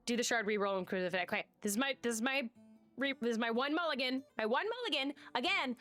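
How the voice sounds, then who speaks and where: A woman's voice: fairly high pitch, lively intonation, fast talker, fairly bright tone, faint music behind. A woman streaming a game live, chatting casually, swearing and reading the game's text aloud.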